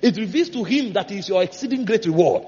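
Impassioned preacher man, lively high voice. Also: fast, big-room sound, highs cut off. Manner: impassioned, rising to shouts and sing-song cadences. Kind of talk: sermon.

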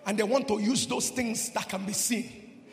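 Shouting in sing-song fashion, a preacher delivers a charismatic sermon in a high-pitched voice with a steady tone and normal speed. He has the congregation repeat calls after him, speaks in tongues, and fills the gaps between phrases with "uh."

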